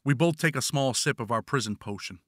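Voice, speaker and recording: A man's voice: mid-range voice, a little fast, no echo, clean studio sound. A man narrating his own prison memoir as an audiobook, blunt and wry.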